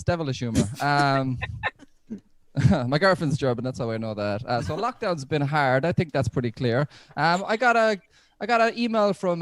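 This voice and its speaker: A man's voice: fairly high pitch, dry recording. Man doing stand-up at home, dry sound. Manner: chatty, laughs at his own jokes. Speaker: stand-up comedian. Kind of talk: stand-up set over a video call. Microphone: video call.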